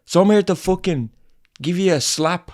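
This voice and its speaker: A man's voice: high voice, normal speed, darkish tone, no echo, studio quality. A man hosting a podcast, delivering a blunt, angry tough-love monologue full of swearing and repeated lines. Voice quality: blunt, heavy swearing, repetitive. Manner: angry, lecturing, emphatic. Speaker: podcast host.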